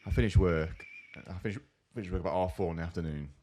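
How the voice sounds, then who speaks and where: A young man co-hosting a casual podcast chat, telling an animated story and acting out other people's lines. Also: low-pitched, quick pace, a little hiss or hum. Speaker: podcast co-host.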